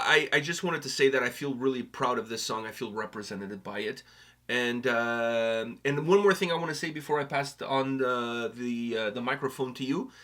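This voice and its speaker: A man from Portugal co-hosting a music reaction, chatting casually and joking, with some swearing. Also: medium pitch. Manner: animated, joking, swearing, trailing off into quieter asides. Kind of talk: casual chat.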